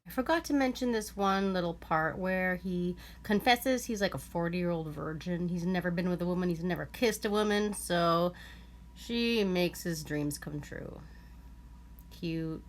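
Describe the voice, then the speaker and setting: A woman's voice: fairly low pitch, measured pace, a little hiss or hum. A young woman from Alaska hosting a casual movie recap, chatty and giggly with lots of fillers, a little tipsy on wine. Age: young adult. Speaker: vlog host.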